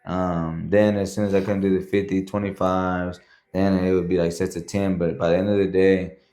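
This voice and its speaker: Deep-voiced man telling a casual story. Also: little pitch movement, moderate pace, mellow. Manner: loose and conversational, filler words and frequent "man" and "bro". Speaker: podcast guest.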